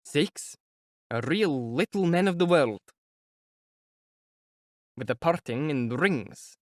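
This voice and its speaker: A man's voice: a little high, animated, takes it slowly, no room sound, studio quality. A man voicing a feverish young student who teases and taunts a clerk in an audiobook reading. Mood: mocking. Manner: taunting, teasing, then whispering.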